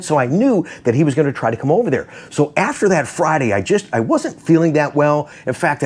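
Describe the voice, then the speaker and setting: A man hosting a car channel, telling a story to his viewers in a casual, animated way, acting out quotes and laughing often. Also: mid-range voice, breathy edge. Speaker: host of a car video channel.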